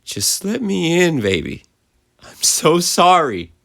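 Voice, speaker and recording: A man's voice: medium pitch, expressive, unhurried, a bit bright, voice pushed up. A man voicing a desperate mother pleading through a locked door in a horror story, coaxing and tearful. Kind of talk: creepypasta narration.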